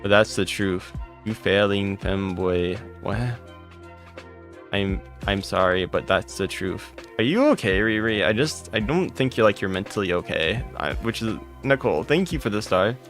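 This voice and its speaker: A lower-pitched man hosting a casual live game stream, rattling off quick hellos and thank-yous to viewers by name. He teases chat bluntly and sarcastically, then laughs it off, with faint music playing underneath. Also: lively intonation, fairly bright tone.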